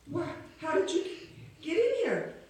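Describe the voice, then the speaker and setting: A kindly old cobbler, gentle and a bit hesitant, offering help to strangers, as a woman storyteller puts him on. His voice sits a little higher than the teller's own. It rings in a very echoey room, with the mic set well back. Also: expressive, a little slow, recorded from a distance, slight background noise. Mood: startled.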